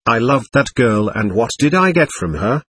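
A man voicing the bitter, jealous ghost of a young man, speaking in a stubborn, accusing way with a husky voice. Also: mid-range voice, big pitch swings, normal speed, fairly bright tone, dry recording. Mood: resentful.

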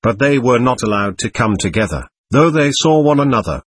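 A man reads a classic novel aloud with a husky voice and lively, swinging pitch. The delivery is expressive and dramatic. It is recorded dry and close, with no room sound. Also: brisk, no room sound. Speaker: narrator. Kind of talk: audiobook narration of a classic novel.

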